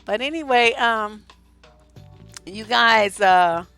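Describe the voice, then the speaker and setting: A middle-aged woman from Oakland speaks as a relationship coach, her voice pitched high and bright. She talks bluntly and animatedly to her viewers, laughing often. Faint music plays behind her. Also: takes it slowly. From Oakland, California. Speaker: relationship coach and channel host. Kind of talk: casual advice talk to viewers.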